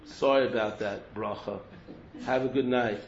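A man's voice: mid-range voice, steady tone, normal speed, very noisy, voice pushed down, natural voice. A man playing a sheepish husband who comes home late and rambles apologetic excuses. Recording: roomy, dull lo-fi recording.

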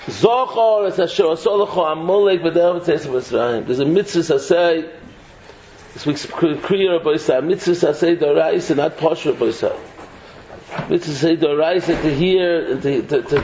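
Man giving an animated Torah shiur. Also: on the high side. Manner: animated, repeats words, mixes English with Hebrew and Yiddish terms. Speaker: Torah teacher. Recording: echoey, dull, faint noise.

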